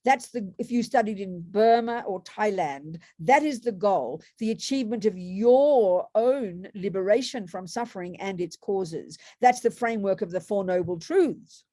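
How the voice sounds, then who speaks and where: A woman's voice: medium pitch, unhurried, hardly any pauses, warm tone, no echo, studio quality. A woman giving a Buddhist dharma talk to students, conversational, with rhetorical tag questions and frequent restarts. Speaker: Buddhist meditation teacher.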